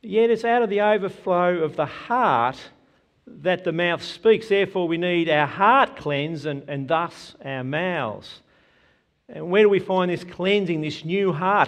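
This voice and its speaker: A man preaching a sermon, earnest and measured, quoting scripture with emphasis. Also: high-pitched.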